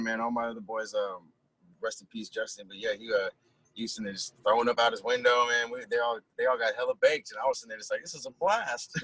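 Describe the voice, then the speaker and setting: A man's voice: lowish voice, a bit bright, low-quality recording. A young man from California, a music producer, chatting casually as a podcast guest and telling loose stories full of slang and laughter. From Merced, California. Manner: laid-back, loose storytelling with frequent laughs and slang. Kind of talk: casual chat.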